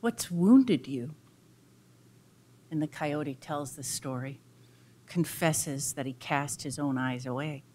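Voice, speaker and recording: A woman giving a public lecture who tells a folk tale in an expressive, dramatic way. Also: rumbling low, measured pace, slight background noise.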